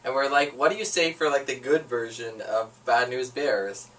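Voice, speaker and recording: A man's voice: mid-range voice, moderate pace, fairly bright tone, recorded from a distance. A young adult man hosting a casual student show, laid-back and jokey, with lots of filler words. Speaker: host. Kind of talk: casual chat.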